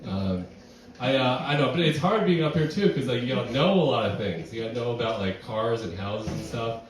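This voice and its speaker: A man's voice: medium pitch, very animated, fast talker, soft background music. A young man from New York City doing a rambling, self-deprecating stand-up set, full of fillers and restarts, at a live venue. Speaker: stand-up comedian. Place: barn venue with live audience. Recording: echoey room, distant mic, audience.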